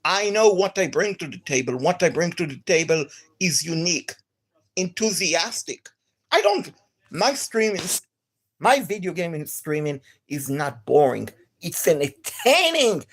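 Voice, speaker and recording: Energetic woman streamer with an accent. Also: lowish voice, unhurried, slightly rough. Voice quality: non-native accent. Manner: extremely energetic, enthusiastic. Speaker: gaming streamer. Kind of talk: live stream chat to viewers.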